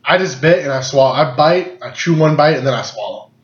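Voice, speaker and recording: A man's voice: fairly high pitch, lively intonation, fairly quick. Young dude cracking up over his own stories, cussing, roomy dull audio. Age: 20s. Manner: laughing storyteller, swears freely. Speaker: podcast co-host. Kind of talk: casual chat. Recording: echoey room, dull lo-fi sound.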